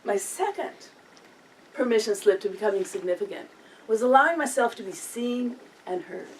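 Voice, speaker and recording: A woman's voice: mid-range voice, a little mellow, a little hiss or hum. An older woman giving a humorous storytelling speech, often chuckling through her own anecdotes. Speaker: public speaker. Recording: distant mic with faint room ambience.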